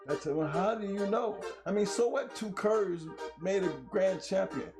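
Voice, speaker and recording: A hoarse man who has lost part of his voice hosts a casual talk show, slightly high-pitched. He explains his points at length in a laid-back, slangy way. Music plays clearly in the background. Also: expressive, measured pace. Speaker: host.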